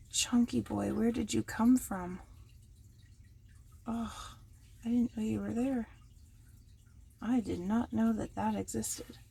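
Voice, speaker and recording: A woman chatting casually and teasing herself while she crafts at home, going quiet when the work gets delicate. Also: a little high, steady tone, takes it slowly, creaky, long pauses, slightly rough. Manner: chatty and self-mocking, drops to a hush while working. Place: home workspace.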